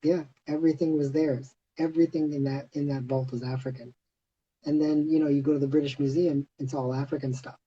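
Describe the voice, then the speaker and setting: A man hosting a casual livestream chat, telling a story in an animated way with lots of "like" and "you know". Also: a little high, a little fast, slightly rough, lo-fi sound. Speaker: host of livestream. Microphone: phone on a live video stream.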